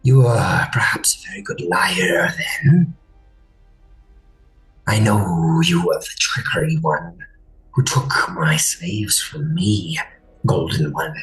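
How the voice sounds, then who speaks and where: A man voicing a cold, sinister male mind flayer prophet in a low, hissing whisper. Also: takes it slowly, long pauses, fairly bright tone, soft background music, poor audio. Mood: menacing whisper.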